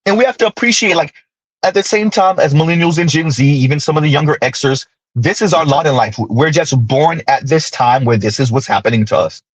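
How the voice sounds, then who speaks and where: A man's voice: a little high, a little fast, husky, dry recording. A millennial man in his thirties hosting a casual commentary monologue, ranting with sarcastic asides. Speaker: commentary channel host.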